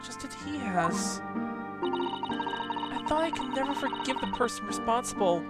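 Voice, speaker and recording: A woman voicing a grieving young woman assistant, speaking softly and haltingly through tears. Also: on the high side, over loud music, pitched above the performer's own voice, natural voice. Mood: tearful. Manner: soft, tearful, halting.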